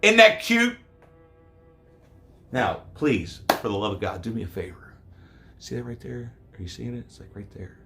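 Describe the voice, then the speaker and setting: A man vlogging about his collection, rambling and cursing, veering between loud rants and mutters, a little hoarse. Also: fairly low pitch, brisk, faint music behind. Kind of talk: casual profane vlog.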